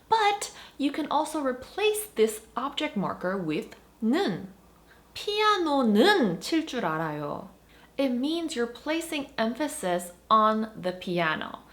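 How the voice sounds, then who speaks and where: Lively woman explaining grammar. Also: a little high. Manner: animated, emphatic explaining. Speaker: Korean language teacher. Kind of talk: explanatory online grammar lesson.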